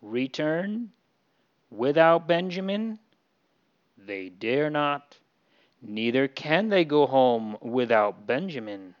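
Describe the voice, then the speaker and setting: Slow-reading man telling a Bible story. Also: fairly high pitch, big pitch swings, clean tone, lo-fi sound. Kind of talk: Bible story read to children.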